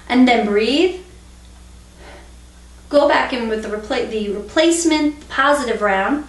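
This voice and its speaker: A middle-aged woman calmly explaining a tapping technique as an instructor, in a steady teaching tone. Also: fairly high pitch, moderate pace. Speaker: EFT instructor. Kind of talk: instructional explanation with demonstration phrases. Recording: echoey room, mic at a distance.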